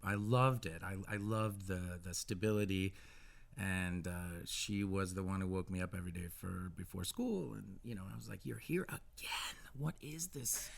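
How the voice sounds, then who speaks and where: A middle-aged American man talking as a musician guest in a casual radio interview, halting with many restarts and animated asides. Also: deep voice, vocal fry. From United States.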